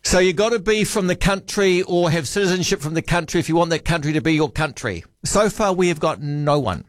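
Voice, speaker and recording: A man's voice: a little high, expressive, brisk, dry recording, clean studio sound. New man hosting talkback radio. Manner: chatty, musing aloud, friendly teasing. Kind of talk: casual radio chat with callers.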